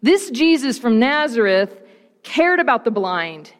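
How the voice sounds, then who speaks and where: Slow woman preacher in an echoey hall. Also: fairly high pitch, very animated. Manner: slow, rhythmic repetition with dramatic pauses. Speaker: pastor. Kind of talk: sermon and gospel reading.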